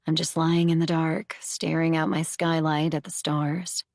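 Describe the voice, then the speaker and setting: A woman voicing a gruff, tired man, a protective uncle, in an audiobook. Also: low voice, flat delivery, measured pace, a little mellow, dry recording, studio quality. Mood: weary. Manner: gruff and weary. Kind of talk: audiobook character voice.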